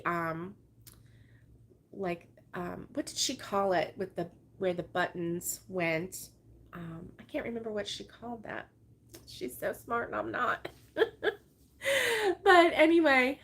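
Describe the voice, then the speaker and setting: A woman hosting a casual crochet livestream from home, rambling and chatting with viewers and laughing often. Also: medium pitch. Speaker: crochet channel host. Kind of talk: casual livestream chat reading viewer comments. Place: her home, with dogs around.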